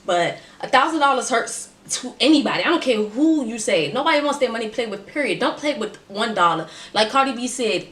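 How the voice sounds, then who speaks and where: A woman's voice: medium pitch, brisk, hardly any pauses. A woman telling a story to her camera in a loose, slangy way, leaning hard on her words. Her voice sits in the middle range. It rings a little, as if recorded in an echoey room. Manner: emphatic, slangy, animated retelling. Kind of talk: casual storytime chat.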